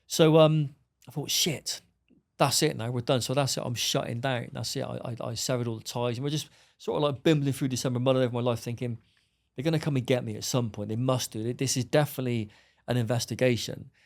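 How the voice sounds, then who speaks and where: Gravelly-voiced middle-aged man, quick and blunt, a guest spinning a story. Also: medium pitch, steady tone. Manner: blunt, swearing, acts out dialogue. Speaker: podcast guest. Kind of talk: storytelling interview.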